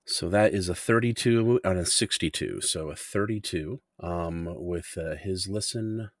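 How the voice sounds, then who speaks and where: Low-voiced male player, dry sound. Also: unhurried, no echo. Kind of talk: tabletop game play.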